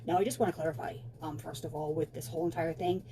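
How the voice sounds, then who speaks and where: A woman's voice: low voice, steady tone, fast, mellow, a little hiss or hum. Sarcastic woman reading out a chat. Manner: sarcastic, dry asides. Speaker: TikTok storyteller. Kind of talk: reading a chat aloud with commentary.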